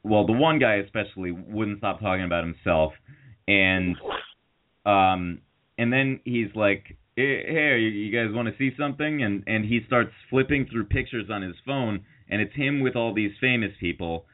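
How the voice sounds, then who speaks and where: This podcast co-host's voice sits on the low side and moves at a normal speed. Chatting casually, he rambles through a long story with fillers and false starts, mocking its characters, all in tinny audio that resembles a phone call.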